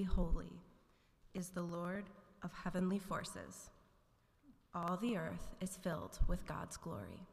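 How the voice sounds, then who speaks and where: A woman giving a slow, measured, dramatic scripture reading in a church service. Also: lowish voice. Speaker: scripture reader. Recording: reverberant sanctuary.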